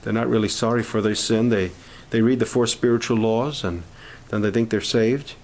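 A man leading a camp prayer meeting, speaking in an informal, halting sermon style with restarts and growing fervor. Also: on the low side, steady tone, a little mellow, rough recording.

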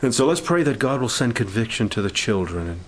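Man, minister leading a camp prayer meeting, halting informal sermon delivery, mid-pitched, faint room noise. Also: sing-song, poor audio. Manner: halting, with many restarts, rising fervor.

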